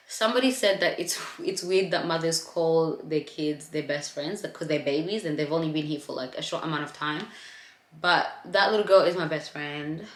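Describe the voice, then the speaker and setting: Low-voiced young woman chatting candidly. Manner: chatty and candid, addresses viewers as guys. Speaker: vlogger sharing her postpartum story. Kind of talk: casual chat to camera. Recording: echoey room.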